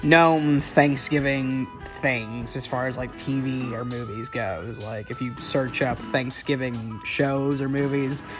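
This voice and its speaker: A man's voice: medium pitch, steady tone, slow pace, hardly any pauses, music in the background. A young man giving a casual, rambling, joking film commentary as a vlogger. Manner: chatty, joking, full of fillers and restarts. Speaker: vlogger reviewing holiday films.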